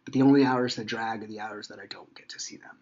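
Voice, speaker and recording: Husky-voiced man rambling on a podcast. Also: fairly low pitch, fairly even intonation, quick pace, a little mellow, highs cut off. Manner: rambling, conversational, many fillers. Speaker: podcast host. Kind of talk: personal monologue, casual.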